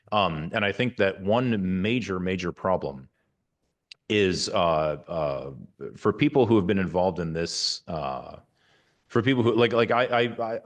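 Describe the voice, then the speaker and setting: A man in his forties, a surgeon giving an informal university talk, rambling with many restarts and fillers and making candid, wry asides. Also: low voice. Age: 40s.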